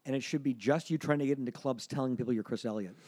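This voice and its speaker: A fast-talking man who rambles and riffs in a casual podcast chat as a film producer guest. His run-on, restless delivery tumbles from one idea to the next. The recording is close and dry. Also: mid-range voice, warm tone, slightly rough, no room sound. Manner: rapid, rambling, riffing on bits.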